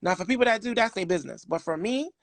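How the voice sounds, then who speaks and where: A middle-aged man from New York City, a podcast guest telling candid personal stories in an animated, emphatic way. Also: high-pitched, fast, vocal fry, dry recording.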